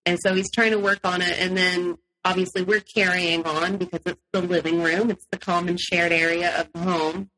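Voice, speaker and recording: A woman's voice: on the low side, normal speed, hardly any pauses, rough recording. A woman guest in an interview, telling her personal story animatedly and acting out what people said. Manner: animated, acts out quotes, laughs often.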